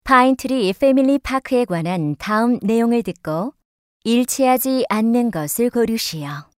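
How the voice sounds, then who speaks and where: A woman announcing question numbers and instructions for a listening exam in a brisk, formal read. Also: on the high side, lively intonation, dry recording, clean studio sound. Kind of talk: reading test instructions.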